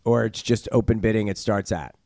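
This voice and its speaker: A man's voice: lowish voice, steady tone, fairly quick, a little mellow, no room sound. A man hosting a podcast, reading out auction listings and questioning his guests. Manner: reads out item listings, asks guests questions. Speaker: podcast host. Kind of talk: conversational podcast interview.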